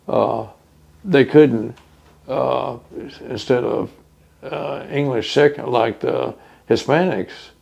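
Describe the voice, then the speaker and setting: Older man, gravelly low rasp, mid pitch, oral history interviewee. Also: darkish tone, dull audio. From Texas. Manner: reminiscing, unhurried with many fillers.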